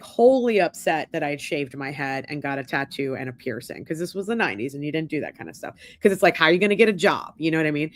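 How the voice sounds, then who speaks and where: A woman in her forties with a fairly low voice, telling a long personal story as a podcast co-host. She animates the dialogue as she recounts it. The sound is dry and close. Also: dry recording. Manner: animated storyteller, acts out quotes. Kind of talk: casual chat.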